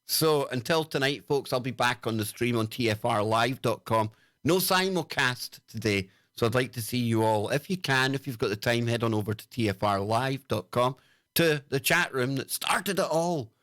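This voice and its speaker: A man's voice: medium pitch, normal speed, a bit bright, dry recording, clean studio sound. A British man hosting a casual livestream, talking in a sarcastic, mocking way as he reads out chat comments. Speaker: livestream host.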